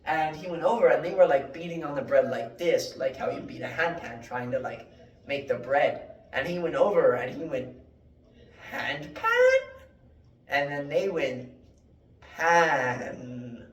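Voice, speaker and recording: A man giving a mock classroom lecture, rambling through deadpan fake word origins with many fillers. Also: on the high side, normal speed. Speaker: joke Latin teacher. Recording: echoey room, mic at a distance.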